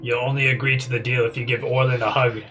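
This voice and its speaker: A man's voice: mid-range voice, flat delivery, fast talker, pushed and bright. A man playing a tabletop game, joking and teasing the others, with music behind. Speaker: player. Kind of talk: casual tabletop play.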